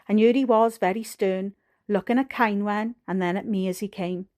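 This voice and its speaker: A woman with a Welsh accent narrating an audiobook in a steady, measured way. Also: mid-range voice. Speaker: audiobook reader.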